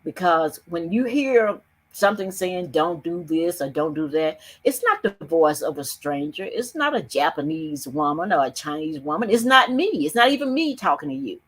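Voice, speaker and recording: A woman's voice: fairly low pitch, sing-song, slightly rough. An older woman telling a personal story earnestly on a video call, with emphatic shifts of pace. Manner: earnest, emphatic, speeds up and slows down. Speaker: summit speaker.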